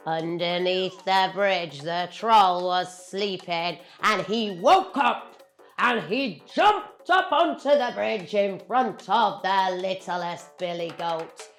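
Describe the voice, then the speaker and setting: A young British woman telling a children's story in an animated, playful way, drawing her words out. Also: medium pitch, slow, soft background music.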